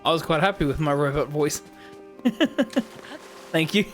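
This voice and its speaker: Streamer just chatting, joking at their own expense, soft music faint behind. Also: medium pitch, a little slow. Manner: chatty, self-amused, apologetic. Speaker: game streamer. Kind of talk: casual let's-play chat.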